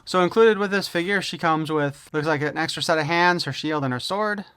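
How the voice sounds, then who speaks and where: A man's voice: on the high side, a little fast, fairly bright tone, a little hiss or hum. A man giving a casual unboxing review of a toy, opinionated and wry, with jokes thrown in.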